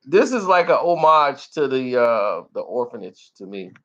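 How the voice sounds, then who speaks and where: A man reviewing a movie in casual talk, animated and laughing often as he acts out scenes. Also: medium pitch, moderate pace, dull audio.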